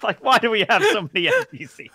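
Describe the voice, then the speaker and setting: An excitable man playing in a tabletop role-playing game, with a bright, fairly high voice. His pitch swings widely and he laughs in the middle of his sentences. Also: quick pace. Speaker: player. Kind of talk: casual tabletop game chat.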